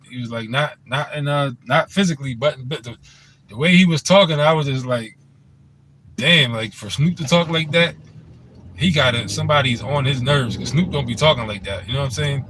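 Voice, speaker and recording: A man's voice: a little high, normal speed, a bit bright, slight background noise, poor audio. A man in a casual commentary monologue, laid-back and rambling, with the loose phrasing of a host talking to his channel. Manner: laid-back, rambling, frequent "you know what I'm saying".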